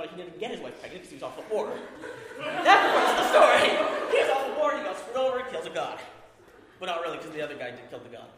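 Young man, high lively voice, rambling comic storyteller, live audience, echoey hall with faint noise. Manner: rambling, animated, laughing as he talks. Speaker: performer. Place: coffee house event hall.

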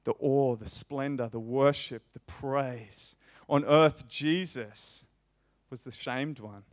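A man preaching a sermon, reading scripture aloud and repeating phrases with rising, emphatic force. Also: mid-range voice. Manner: impassioned, rising loud on repeated phrases, slow emphatic delivery.

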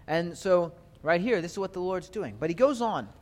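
A man's voice: high-pitched, expressive, normal speed. A man teaching a Bible sermon in a casual, conversational way, reading scripture aloud and checking in with listeners with frequent asides. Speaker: pastor. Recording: long hall reverb.

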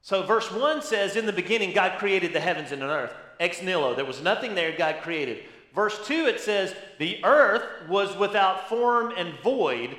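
A man's voice: sits high, sharp tone, reverberant. A man preaching a sermon as pastor, teaching with emphasis and asking rhetorical questions.

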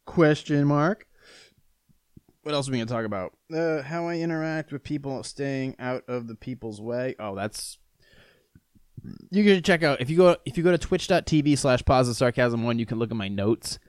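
A man's voice: mid-range voice, animated, normal speed, a little mellow, clear, resonant tone, dry recording, studio quality. A man hosting his own podcast in a rambling, profane, self-mocking chat, struggling with the hiccups. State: has the hiccups. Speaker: podcast host. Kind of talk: casual solo podcast rant.

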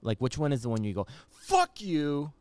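A man's voice: fairly low pitch, racing, clean tone. A man co-hosting a podcast, teasing and swearing his way through casual banter. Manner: profane, teasing, animated. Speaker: podcast co-host.

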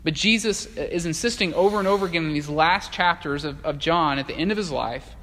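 A male pastor preaching a sermon in a conversational, animated way, with frequent fillers and restarts. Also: a little high, brisk. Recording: long hall reverb.

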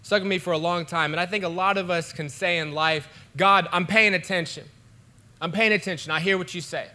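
Young male pastor, bright and forward tone, casual conversational sermon. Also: high-pitched, fairly even intonation, brisk. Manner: casual, conversational preaching with many fillers. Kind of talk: online sermon.

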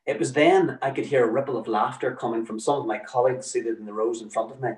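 A man tells a personal story in a dry, wry manner. His voice sits at a middle pitch and sounds a little distant from the microphone. There is a roomy echo around him. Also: fast talker, darkish tone. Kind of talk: told personal story, read aloud.

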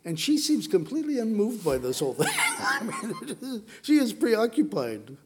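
High-voiced, animated male preacher. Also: moderate pace, noisy background. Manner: animated storytelling, playful asides to the congregation. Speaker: pastor. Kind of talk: sermon.

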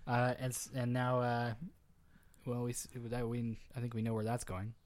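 A man's voice: medium pitch, monotone, normal speed, darkish tone. A Canadian man co-hosting a casual podcast chat, easygoing and hesitant, with many fillers and restarts. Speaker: podcast co-host.

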